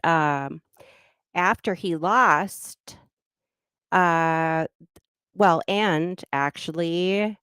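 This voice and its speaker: A woman's voice: on the low side, clean tone, dry recording, studio quality. A middle-aged woman from Minnesota with a Minnesotan accent, hosting a livestream and chatting through personal anecdotes with little laughs. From Minnesota, USA. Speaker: livestream host. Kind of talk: casual storytelling.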